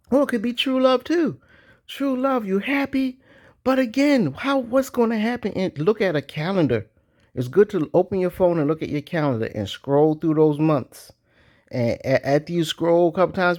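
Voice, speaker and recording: A man giving casual, animated commentary with slang, often jumping into mocking voices. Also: moderate pace. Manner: animated, slangy, jumps into high-pitched mock voices. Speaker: vlogger.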